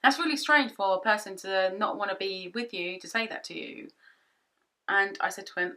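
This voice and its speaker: A woman's voice: mid-range voice, fairly quick, poor audio. A British woman in her twenties telling a personal story in a storytime vlog, acting out both sides of the conversations. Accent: British English. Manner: animated storyteller, acts out both sides in quotes. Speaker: vlogger. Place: home office. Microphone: camera-mounted shotgun mic.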